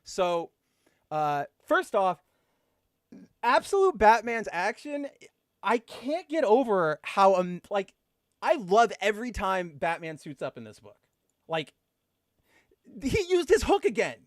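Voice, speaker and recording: A man co-hosting a podcast, chatting casually and excitedly, full of fillers and gushing asides. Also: high voice, slow pace, pauses often, no echo, studio quality. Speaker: podcast co-host. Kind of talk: casual comic book chat.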